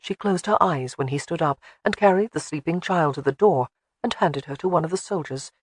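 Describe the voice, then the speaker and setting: A man reading an audiobook in a measured, even way. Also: a little high, a little hiss or hum. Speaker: audiobook narrator. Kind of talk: scripted narration.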